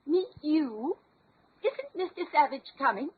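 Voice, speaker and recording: Casting: a very high-voiced, worried young lady, for an old radio play over a tinny band. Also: very animated, slow, heavily acted. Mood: earnest. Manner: earnest, worried, proper speech. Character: anxious young woman searching for her father. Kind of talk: old-time radio drama acting.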